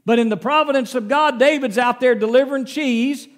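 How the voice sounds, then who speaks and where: A man preaches with a folksy, storytelling touch, his voice sitting notably high for a man. The sound carries a long, ringing reverb from a large hall. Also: brisk. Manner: folksy storytelling, acts out Bible scenes. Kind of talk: sermon.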